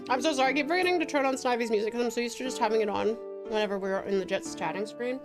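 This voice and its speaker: A woman's voice: a little high, quick pace. A woman from Tasmania, a streamer chatting casually with viewers and reading stories aloud. She is giggly, playful and swears casually. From Tasmania, Australia. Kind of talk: casual live-stream chat and story reading. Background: soft piano music.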